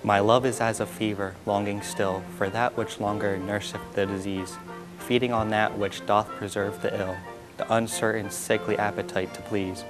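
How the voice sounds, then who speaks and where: A man reciting a poem in a steady, measured reading. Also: fairly low pitch. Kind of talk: poetry recitation. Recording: instrumental music under voice. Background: instrumental music.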